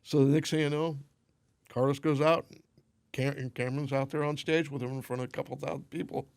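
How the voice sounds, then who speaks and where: A man chatting as a podcast guest, spinning anecdotes in an easygoing way. His voice sits at an everyday middle pitch. He slips into the voices of the people in his stories as he goes. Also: fairly quick, creaky. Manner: animated storyteller, acts out quoted dialogue. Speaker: podcast guest, limo company owner. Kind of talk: casual anecdote telling.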